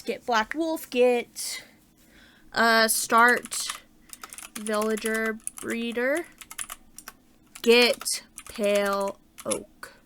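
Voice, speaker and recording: Woman gamer thinking aloud, unhurried and slow, bright clear tone, chatty commentary. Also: fairly high pitch. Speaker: gaming channel host. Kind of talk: casual let's-play commentary.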